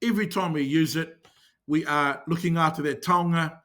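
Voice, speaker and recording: A man's voice: a little high, normal speed, fairly bright tone. Upbeat New Zealand man coaching phrases. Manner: coaching, repeats phrases for the listener to copy. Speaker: language teacher. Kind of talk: scripted language lesson.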